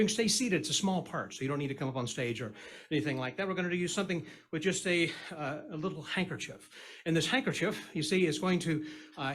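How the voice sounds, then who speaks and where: A man's voice: on the high side, fairly bright tone. A man doing a comedy magic act on a live stage, trading corny puns and banter with the audience. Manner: corny punning patter, chatty, teasing the crowd.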